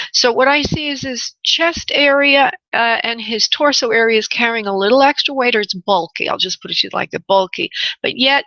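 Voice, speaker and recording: A woman hosting a call-in radio show as a spirit medium. She talks in a halting, searching way with many restarts and calls her callers honey and love. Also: mid-range voice, pushed and bright, dry recording, highs cut off.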